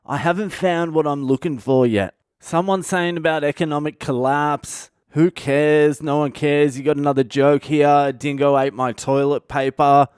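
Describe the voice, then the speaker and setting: A man's voice: fairly high pitch, fairly even intonation, moderate pace, hardly any pauses, a little mellow, smooth, no echo, clean studio sound. A middle-aged man, hosting a comic podcast monologue in a sardonic, mocking tone and swearing freely. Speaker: comedian podcast host. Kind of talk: comic monologue reading comments aloud.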